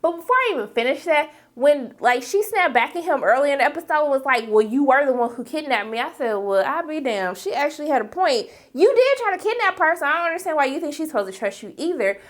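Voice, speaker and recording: Woman reviewer, high voice, casual chatty recap, playful asides to viewers. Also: big pitch swings, fast, hardly any pauses. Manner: chatty, addresses viewers as y'all, acts out characters' lines. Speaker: TV episode reviewer.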